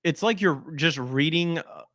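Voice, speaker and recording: A man's voice: fairly high pitch, unhurried, a bit bright, no room sound, clean studio sound. A man hosting a gaming podcast, ranting sarcastically about news articles in a mocking, crude way. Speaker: podcast host.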